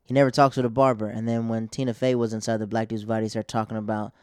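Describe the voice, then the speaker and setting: A man's voice: on the low side, little pitch movement, fast talker, a little mellow, smooth, no echo. Rambling man comedian, dry close sound. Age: 20s to 30s. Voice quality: rambling, self-interrupting. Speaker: stand-up comedian. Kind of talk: casual chat.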